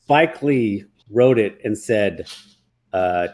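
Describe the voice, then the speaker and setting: A man co-hosting a casual movie review podcast, laid-back and quick with joking interjections. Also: medium pitch, sing-song, darkish tone. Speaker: podcast co-host.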